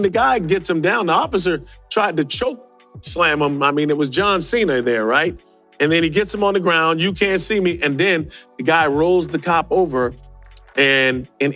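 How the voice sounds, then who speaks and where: Male podcast host who talks through clips in a casual, questioning way, slightly high voice, quiet music under him. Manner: rhetorical, asks questions and adds "right?". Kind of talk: casual commentary on video clips.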